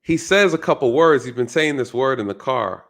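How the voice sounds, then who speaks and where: A man's voice: mid-range voice, expressive, moderate pace, a bit bright. A male channel host giving a casual, reflective commentary monologue, often repeating his phrases and checking in with "right?".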